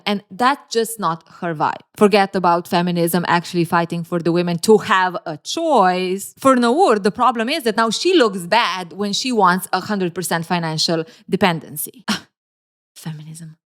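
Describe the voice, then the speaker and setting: A woman's voice: mid-range voice, moderate pace, few pauses. Sarcastic woman giving casual video commentary. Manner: sarcastic, teasing, laughs often; animated, playful asides. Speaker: relationship commentary YouTuber.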